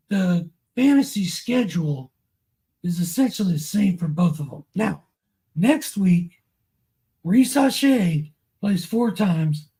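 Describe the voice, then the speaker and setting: A man's voice: high-pitched, creaky, warm tone, slightly rough. A man co-hosting a casual sports podcast as analyst, emphatic and slangy with blunt opinions. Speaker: co-host and fantasy analyst. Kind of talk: casual fantasy basketball podcast chat.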